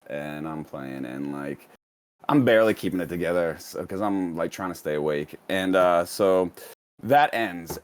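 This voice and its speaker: A man with a fairly low voice talks through a long story in a loose, casual way. He hesitates often, with plenty of fillers, restarts and trailing phrases. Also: smooth. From United States. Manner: rambling, many fillers and restarts. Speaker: interview guest, DJ.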